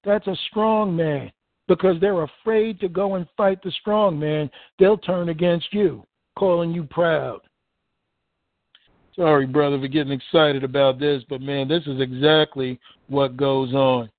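A man with a high voice preaches a fervent sermon, reading scripture and pressing each point with emphasis. The sound is thin and phone-like, with a dry, close feel. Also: fairly even intonation, unhurried, dry recording. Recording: tinny phone-like dry recording.

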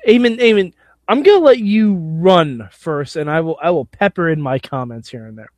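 A man hosting a podcast in excitable casual chat, laughing often. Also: fairly high pitch, moderate pace, no room sound. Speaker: podcast host.

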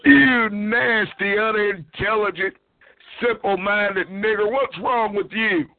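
A man's voice: sits high, fairly even intonation, slow pace, no echo, phone-quality sound, soft background music. A man making a taunting, provocative prank call on a phone chat line. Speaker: caller.

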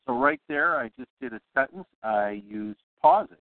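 A man's voice: mid-range voice, moderate pace, few pauses, no echo. Rambling man on a tinny line. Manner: relaxed, rambling, many fillers. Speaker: podcast host teaching broadcasting. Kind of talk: casual instructional talk. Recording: tinny phone-like, dry.

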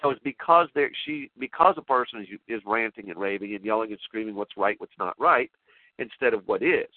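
A male talk show host in a rambling spoken monologue, excitable and emotional, often restarting his sentences. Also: fairly low pitch, brisk, no echo. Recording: tinny phone-line sound, dry.

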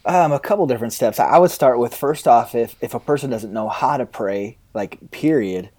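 A man, a pastor, answering interview questions in an earnest, halting way, often quoting his own prayers. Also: mid-range voice, darkish tone.

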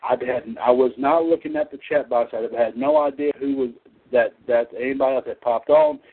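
A man's voice: medium pitch, sing-song, a little fast, vocal fry. Chatty male host over tinny audio. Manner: chatty, repetitive, laughs easily. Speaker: podcast host. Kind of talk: casual chat show hosting.

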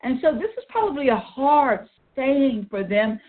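A woman's voice: high-pitched, very animated, measured pace. Woman teaching Bible study over a phone line. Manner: reads scripture in old wording, then explains it earnestly.

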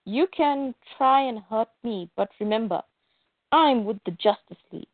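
A woman's voice: a little high, expressive, a little slow, dry recording. A woman voicing an earnest male superhero in a plain, earnest manner. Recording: tinny phone-like dry sound.

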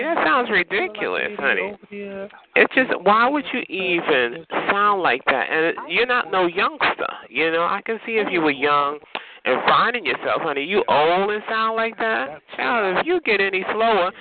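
Sassy high-voiced man on a phone line. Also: sing-song, moderate pace, crowd noise. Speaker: chat line host. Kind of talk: insulting roast of a caller.

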